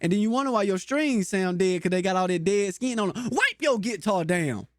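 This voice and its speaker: A talkative man with a runs a casual guitar lesson and chats with his viewers in a folksy way. His voice sits high for a man. The sound is dry and close, with no room echo. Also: lively intonation, fairly quick. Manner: chatty, folksy and talkative, addresses viewers directly. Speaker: guitar teacher and channel host.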